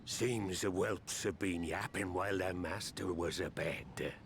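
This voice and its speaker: An actor playing a gruff, proud old pirate captain in a game cutscene, speaking in a rough pirate brogue. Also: male voice, low-pitched, slow, slight background noise. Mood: scolding. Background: game music.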